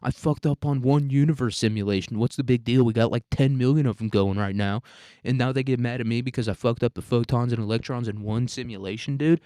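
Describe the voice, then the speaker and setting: A man's voice: mid-range voice, fairly quick, dark tone, no echo, clean studio sound, close to an everyday voice. A man voicing an overworked male alien programmer who pleads in a frantic, whiny way and says "dude" constantly. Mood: panicked pleading.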